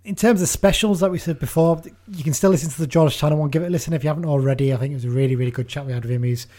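A man's voice: a little high, rapid-fire, dark tone. A man hosting a casual football podcast, chatty and upbeat, laughing easily as he talks. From England. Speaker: podcast host.

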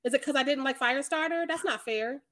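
A woman with a notably high voice co-hosts a casual podcast chat. She talks animatedly, laughs often and acts out what people said. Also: quick pace, fairly bright tone. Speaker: podcast co-host.

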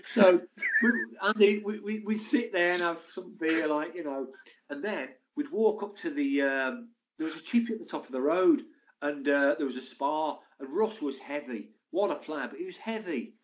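A man, a former footballer telling lively anecdotes as a podcast guest. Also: on the high side, normal speed, a little hiss or hum. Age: 60s. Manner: animated, laughing anecdotes. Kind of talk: casual storytelling.

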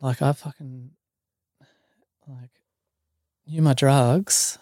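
Aussie bloke rambling through a story, heaps of ums and swearing, mid-pitched, dry close mic. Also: male voice, fairly even intonation, drawn-out words, a little mellow, dry recording. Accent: Australian. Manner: rambling, many ums and likes, swears freely. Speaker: podcast guest. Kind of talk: casual storytelling.

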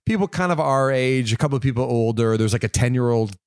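A man's voice: medium pitch, quick pace, clean tone, no room sound, clean studio sound. A young adult man from Canada, co-hosting a podcast, telling a story in casual chat, laughing and swearing as he goes. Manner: animated, laughing, swears freely. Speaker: podcast co-host.

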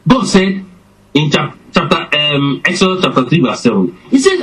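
A man preaching a sermon, slow and emphatic, his voice swinging up and down for effect. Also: on the high side, big pitch swings, fairly bright tone, breathy edge, low-quality recording.

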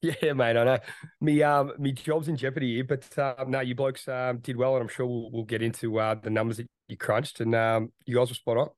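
An Australian man co-hosting a sports podcast, croaky from a recent illness, laid-back and hesitant with plenty of ums. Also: medium pitch, flat delivery, a little fast, no room sound. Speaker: podcast co-host. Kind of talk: casual sports podcast chat.

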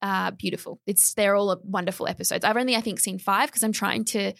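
A woman's voice: mid-range voice, steady tone, brisk, creaky, fairly bright tone, no room sound, clean studio sound. A young woman co-hosting a podcast, chatting and rambling with restarts. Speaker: podcast co-host. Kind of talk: casual chat.

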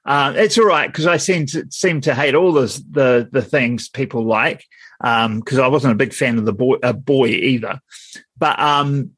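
A New man co-hosts a casual podcast chat, rambling, restarting his sentences and laughing often. His mid-range voice is a bit bright and measured in pace, recorded with no room sound.

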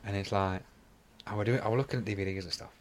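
A man's voice: fairly low pitch, fast talker, a little hiss or hum. A man co-hosting a casual podcast, telling a long rambling anecdote and bantering with his co-host. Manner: rambling storyteller, animated when joking. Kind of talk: casual chat.

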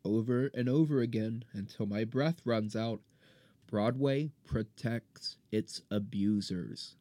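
A man's voice: on the low side, warm tone, no echo. A man in his thirties hosting a podcast, delivering an impassioned, indignant solo rant. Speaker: podcast host. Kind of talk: solo ranting monologue.

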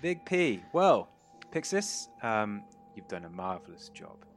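Low-voiced man running a tabletop game. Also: unhurried, faint music behind. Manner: relaxed storytelling with many fillers. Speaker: game master.

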